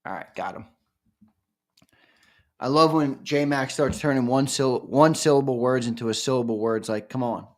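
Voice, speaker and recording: At normal speed but with long pauses, a medium-pitched man hosts a relaxed sports fan live-stream. He chats with viewers and sometimes lets loose with loud, excited shouts.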